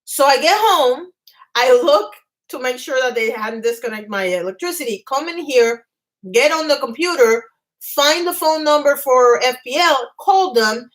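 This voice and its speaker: A woman vlogger on a live stream at home, telling a story in a fast, agitated rush and stumbling over her words. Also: sits high, animated, rough recording. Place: home apartment.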